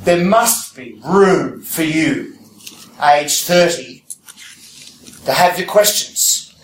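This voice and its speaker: A man's voice: on the high side, expressive, very slow, roomy sound, recorded from a distance, a little hiss or hum, poor audio. A man preaching a conversational sermon, often checking in with his listeners through rhetorical questions.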